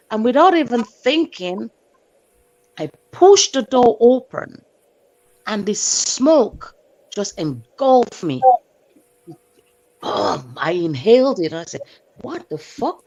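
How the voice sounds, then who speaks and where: A woman on a stream telling a story from her day with animated delivery, acting out her own shouts and sometimes hunting for words. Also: mid-range voice. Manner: hunts for words, fills with "um". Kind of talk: casual storytelling. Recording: dull lo-fi stream audio.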